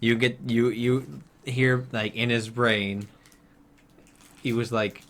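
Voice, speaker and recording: A man narrating as game master of a tabletop game, halting as he thinks aloud. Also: mid-range voice, fairly even intonation, fairly bright tone, a little hiss or hum.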